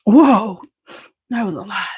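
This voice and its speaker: A woman's voice: mid-range voice, expressive, slow pace, a little mellow, slightly rough, no room sound, dull audio. A woman hosting a casual beauty livestream, chatting to her viewers and a bit congested. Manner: chatty, addresses viewers as y'all.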